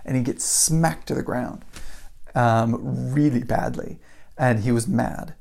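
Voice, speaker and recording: A man's voice: mid-range voice, slow pace, gravelly, darkish tone. A man giving a casual motivational talk, telling a story and building it up with repeated phrases. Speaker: motivational speaker.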